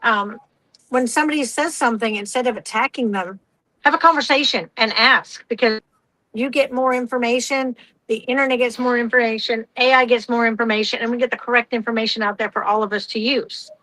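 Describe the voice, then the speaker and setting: A woman hosting a casual business podcast, talking frankly and rambling, often quoting others in lively asides. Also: on the high side, a little fast, no room sound, low-quality recording. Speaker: podcast host, power-wash business owner.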